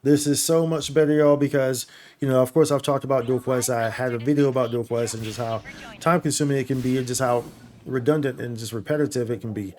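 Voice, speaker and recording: A gaming YouTuber gives his viewers an excited, casual rundown of game updates, dropping slang like "y'all" and "bro." His mid-range voice is a little mellow, with fairly even intonation and a fairly quick pace.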